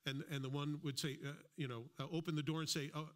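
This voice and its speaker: Man, pastor, sermon, conversational, slightly high voice, acts out small dialogues. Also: steady tone. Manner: conversational, plays out little imagined dialogues; slows down to read scripture aloud.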